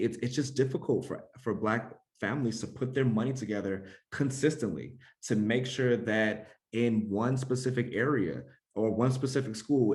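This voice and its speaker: A man, a special education administrator, speaking as a guest in a conversational interview, thoughtful and full of restarts. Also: mid-range voice. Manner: thoughtful, many restarts and fillers.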